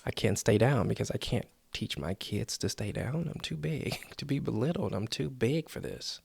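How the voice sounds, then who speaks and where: A man's voice: mid-range voice, lively intonation, normal speed, creaky, slightly rough, no room sound. A man hosting a motivational podcast, coaching earnestly and acting out the inner voices people hear. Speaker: podcast host.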